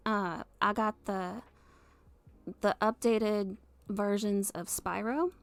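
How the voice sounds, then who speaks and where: A woman in her thirties from the US Midwest, chatting casually on a live stream in a soft, hesitant way with many fillers and giggles. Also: medium pitch, no room sound.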